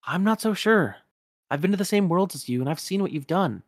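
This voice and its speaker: A man's voice: high voice, expressive, brisk, no room sound, clean studio sound, voice pushed up. A man voicing a young woman warrior, firm and concerned.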